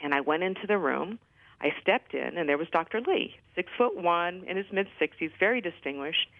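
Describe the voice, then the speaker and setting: Gravelly-voiced woman telling stories down a phone line. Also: lowish voice, moderate pace, no echo. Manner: lively anecdotal storytelling with fillers. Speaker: guest, former White House physician. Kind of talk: storytelling in a radio interview. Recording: phone-line radio interview, dry.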